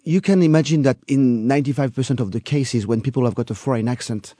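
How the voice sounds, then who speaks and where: A man's voice: mid-range voice, quick pace, warm tone, dry recording. A man from France with a French accent, talking as a studio guest in a hesitant way with repeated words. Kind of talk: casual chat.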